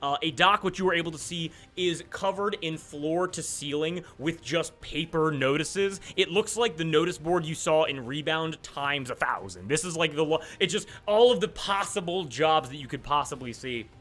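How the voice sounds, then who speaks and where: A man's voice: fairly high pitch, normal speed, few pauses, a bit bright. A man narrating as game master, rambling with many fillers and restarts.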